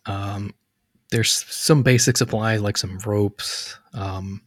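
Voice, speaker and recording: Low-voiced man running a tabletop game. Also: slow pace, no echo, clean studio sound. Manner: relaxed, hesitant, lots of fillers. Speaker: game master.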